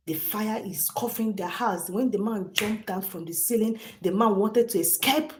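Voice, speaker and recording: A woman's voice: medium pitch, moderate pace, few pauses, a little hiss or hum. A woman hosting a livestream, telling a story to her chat emphatically and repeating phrases often. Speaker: livestream host.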